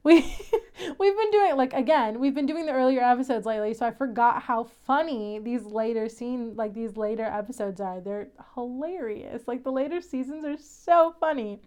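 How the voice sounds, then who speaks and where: A young woman with a high, bright-pitched voice talks through a TV episode in a loose, chatty way, giggling between thoughts. Her tone stays smooth and clean, with a light, easy quality. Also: expressive, moderate pace. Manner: giggly, chatty, laughs often. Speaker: podcast host. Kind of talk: casual episode recap.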